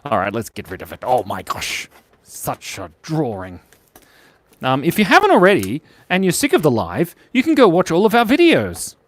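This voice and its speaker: Australian man, live drawing host, giggly banter, bright high-ish voice. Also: wildly swooping pitch, moderate pace. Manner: playful and giggly, joking with viewers. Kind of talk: casual live drawing chat.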